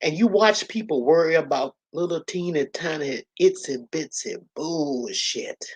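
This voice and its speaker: A woman's voice: deep voice, expressive, moderate pace, darkish tone, slightly rough. Woman, livestream host, blunt, earthy, storytelling, casual talk from a home room. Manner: blunt, earthy, storytelling with lots of "you know" and "y'all". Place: her own room at home.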